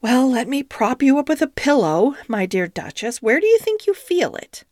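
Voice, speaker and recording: A woman's voice: high-pitched, sing-song, normal speed, a little mellow, dry recording, clean studio sound, voice pushed up. Woman voicing a prim cat hostess. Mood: stern. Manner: prim and precise. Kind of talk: storybook reading.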